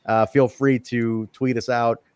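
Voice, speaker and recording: A man's voice: medium pitch, flat delivery, unhurried, a little mellow, clear, resonant tone, no echo. A man hosting a wrestling podcast, signing off with loose, profane banter. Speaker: podcast host. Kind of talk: casual chat.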